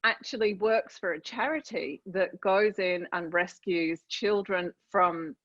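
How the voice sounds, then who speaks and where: A woman's voice: lowish voice, unhurried, no echo. Chatty woman in her fifties, muffled call. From northern England. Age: 50s. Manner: chatty, lively, with frequent restarts and laughs. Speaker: guest podcaster. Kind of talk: casual interview chat.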